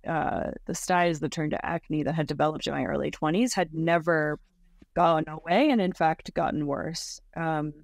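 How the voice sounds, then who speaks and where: A woman's voice: low voice, fairly even intonation, normal speed, creaky, no room sound, clean studio sound. A woman in her thirties, a podcast guest, telling her story in casual talk, full of "like" and "um", with frequent small laughs. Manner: chatty, many fillers like "like" and "um", laughs often.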